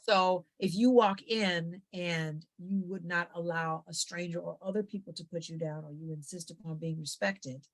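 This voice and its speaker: A woman psychologist talking as an interview guest, giving lively conversational advice and acting out little family dialogues. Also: fairly low pitch, normal speed, few pauses. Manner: animated, acts out family dialogues with quoted voices.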